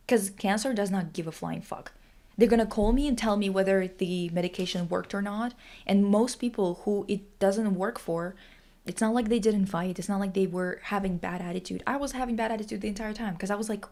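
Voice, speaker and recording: A woman's voice: medium pitch, fairly even intonation, fairly quick, gravelly, darkish tone. Blunt, profane woman streamer. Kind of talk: casual livestream chat.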